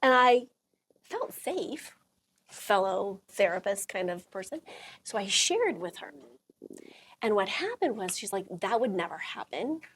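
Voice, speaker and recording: A woman's voice: mid-range voice, big pitch swings, a little slow, long pauses, fairly bright tone, a little hiss or hum. A middle-aged woman hosting a talk, telling a personal story to a small audience, laughing often and acting out quotes. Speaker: host.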